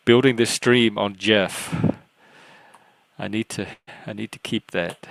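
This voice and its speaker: A man with a Southern US accent that blends Louisiana, Cajun and Texas sounds, chatting loosely on his own livestream. His voice sits fairly low, and he rambles and pokes fun at himself. The sound is dry and close, with no room echo. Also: steady tone, slow pace, gravelly, fairly bright tone. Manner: rambling, self-deprecating, chatty. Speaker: livestream host. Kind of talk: casual livestream chat.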